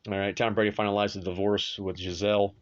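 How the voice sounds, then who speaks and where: A man with a lowish voice runs a casual sports show, blunt and quick to swear, tossing off offhand asides as he goes. The sound is a little dull and lo-fi. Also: little pitch movement. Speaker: sports podcast host. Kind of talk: casual sports and betting talk.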